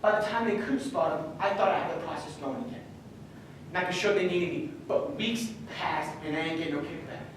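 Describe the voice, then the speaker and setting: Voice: mid-range voice, a little fast, noisy background, lightly acted. A student acting out a cornered older businessman father who pleads and justifies himself. He is heard from far away in a heavily echoing room. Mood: pleading.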